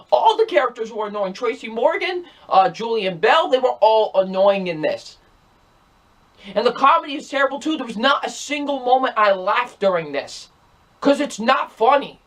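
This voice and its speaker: A man's voice: very high-pitched, fairly bright tone. A young man reviewing movies in a casual, rambling and exasperated way, repeating himself often. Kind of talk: casual ranking video.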